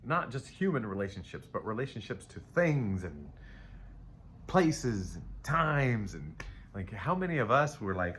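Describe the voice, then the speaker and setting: A laid-back man with a lowish, fairly bright, expressive voice does a casual live tarot reading at a moderate pace. He's rambling, playful and upbeat, calling viewers "baby," with faint ambient noise behind him.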